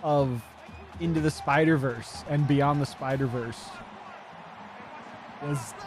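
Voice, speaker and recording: A man's voice: medium pitch, slow, some chatter behind, slight background noise. A man streaming live, chatting casually, rambling and swearing as he answers his chat.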